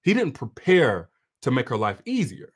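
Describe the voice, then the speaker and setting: Lively, preachy relationship coach man. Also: medium pitch, normal speed, slightly rough. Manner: preachy and direct, like a big brother, with repeated emphatic phrases. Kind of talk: livestream masterclass talk to viewers.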